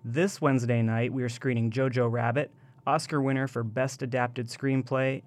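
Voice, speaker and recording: A man hosting the show, reading a scripted promo in a smooth announcer manner. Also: medium pitch, little pitch movement, moderate pace. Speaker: radio show host.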